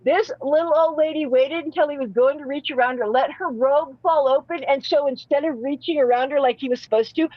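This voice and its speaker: Woman rambling thru crude funny stories on a live stream, kinda high voice, dry muffled mic. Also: brisk, few pauses, no room sound. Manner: crude, rambling, frequent restarts. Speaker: streamer hosting a live panel. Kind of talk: rambling comedic storytelling.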